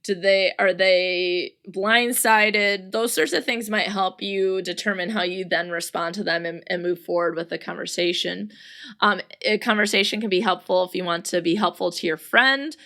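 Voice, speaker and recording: Woman, podcast host, casual and upbeat, bright tone, mid pitch. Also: normal speed. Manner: chatty and upbeat, laughs often, quotes articles. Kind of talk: solo podcast talk on friendship.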